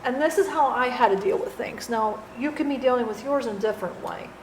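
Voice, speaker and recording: A woman channeling a departed friend, telling her story in an earnest, halting way with many restarts. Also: a little high. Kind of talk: spiritual channeling testimony. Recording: roomy echo, faint background noise.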